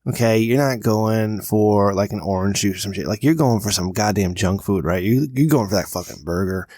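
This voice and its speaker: A man's voice: fairly low pitch, normal speed, a little mellow, no room sound, clean studio sound. A man co-hosting a casual comedy podcast, ranting with plenty of swearing and emphasis. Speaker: podcast co-host.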